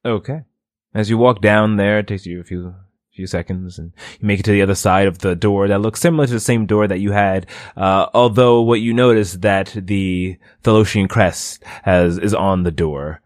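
A man's voice: lowish voice, normal speed, no echo, studio quality. A man narrating a tabletop game as game master, rambling with many fillers.

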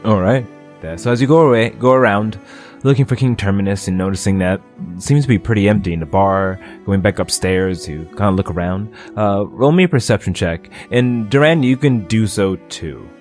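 A man's voice: lowish voice, brisk, a little mellow, faint music behind. A man narrating a tabletop game as game master, rambling with many fillers.

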